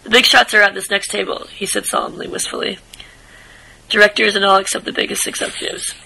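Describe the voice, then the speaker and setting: A man reads a short story aloud with a high, gravelly voice. He stumbles over words and starts lines again, now and then dropping into quiet asides. His tone is very bright and edgy. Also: level tone, fairly quick, a little hiss or hum, poor audio. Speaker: reader.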